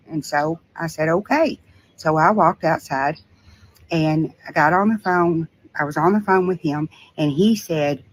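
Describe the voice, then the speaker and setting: A woman's voice: low voice, unhurried, slight background noise, low-quality recording. Older woman, earnest and shaken, casual home-video storytelling. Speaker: scam victim telling her story.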